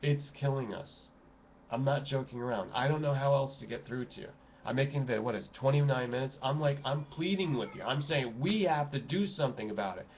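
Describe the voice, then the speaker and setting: Fired-up male vlogger, exclamatory outbursts and low muttering, dull home recording. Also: a little fast, slight background noise. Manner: agitated, exclamatory, swings between loud outbursts and low mutters. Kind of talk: impassioned ranting monologue. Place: home room at a computer desk.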